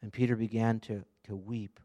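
A man's voice: on the low side, level tone, normal speed, warm tone. A man preaching an earnest, conversational sermon, often asking the congregation direct questions. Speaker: pastor.

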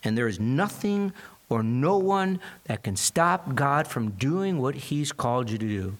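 A pastor preaching a sermon, reading scripture and retelling it in an earnest, conversational way. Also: male voice, mid-range voice, animated, a little slow.

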